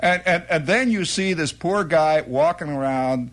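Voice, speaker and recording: A middle-aged man telling a rambling comic monologue, jumping into quoted voices and exclamations. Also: a little slow. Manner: rambling, animated storytelling with sudden high-pitched quoted exclamations. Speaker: comedian.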